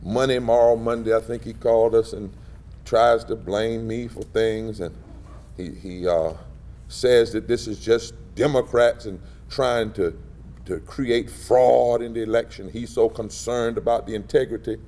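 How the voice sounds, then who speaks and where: A man's voice: fairly low pitch, fairly even intonation, measured pace, mellow. A man, speaking as a civil rights leader at a press event, in a rhythmic, emphatic preacher style that swells on key phrases. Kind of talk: impassioned preacher-style public address. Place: indoor press gathering.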